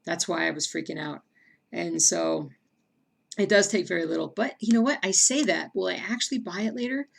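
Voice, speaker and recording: A woman hosting a casual livestream chat, reading viewer comments aloud between bursts of excitement. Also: lowish voice, fairly quick, gravelly. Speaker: stream host.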